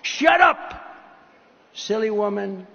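A sly, cruel snake begs in a raised singsong refrain and lashes out with loud taunts, as a man puts it on. The voice echoes through a hall and comes through a dull, lo-fi recording. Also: high voice, fairly even intonation, normal speed. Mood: sneering.

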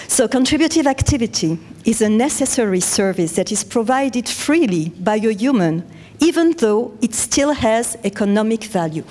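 A woman with a French accent giving a measured, explanatory conference talk. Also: medium pitch, a little mellow, a little hiss or hum. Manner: measured, explanatory, with self-corrections. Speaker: conference speaker.

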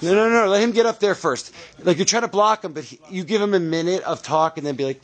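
A man directing actors on set, giving quick, encouraging instructions with frequent restarts. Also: high voice. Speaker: film director.

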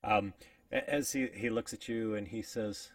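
A man narrating a tabletop game as game master, talking casually with many fillers and pauses. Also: fairly low pitch, steady tone, no echo. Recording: distant mic, dry with faint music.

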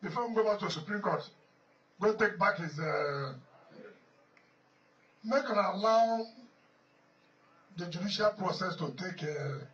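Nigerian male politician, high voice, emphatic and repetitive, off-mic and muffled with faint hiss. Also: expressive, a little slow, pauses often, fairly bright tone, recorded from a distance. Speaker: politician addressing a gathering. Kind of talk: off-the-cuff public speech.

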